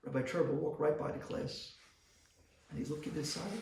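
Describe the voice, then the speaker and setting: A man, a rabbi, giving a storytelling sermon that acts out the voices in his story and climbs into shouting. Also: on the high side, flat delivery, moderate pace, vocal fry. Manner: dramatic storyteller who acts out dialogue and builds to shouting. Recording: roomy hall miked from a distance.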